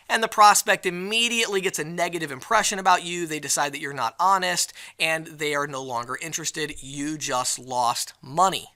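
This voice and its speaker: A man giving a live sales training presentation at an event, lively and acting out the excuses customers give. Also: sits high, normal speed. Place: event venue.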